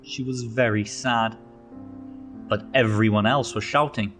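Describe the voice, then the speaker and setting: A man narrating a children's storybook aloud, expressive, slow and gentle. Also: fairly low pitch, soft background music.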